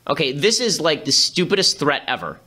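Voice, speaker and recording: Bright, sarcastic male commentary host. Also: fairly high pitch, big pitch swings, breathy edge. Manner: fast, sarcastic and incredulous. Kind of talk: rapid political commentary monologue.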